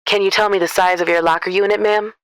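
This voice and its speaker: A woman voicing a polite male trucking dispatcher with a smooth voice and a courteous, businesslike manner on the phone. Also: medium pitch, fairly even intonation, fast talker, dry recording, natural voice.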